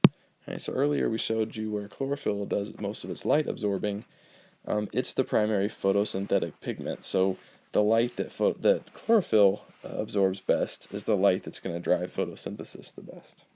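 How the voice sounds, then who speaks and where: A male biology teacher giving a recorded lecture over slides, explaining in a relaxed way with frequent ums and uhs. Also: on the low side, creaky.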